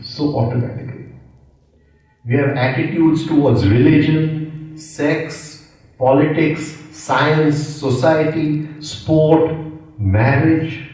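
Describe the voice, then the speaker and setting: A man's voice: a little high, a little mellow. Reflective middle-aged man lecturing in an echoey room. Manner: reflective, repeats phrases, asks listeners rhetorical checks. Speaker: yoga teacher. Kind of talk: spiritual lecture. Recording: very echoey room, mic far off.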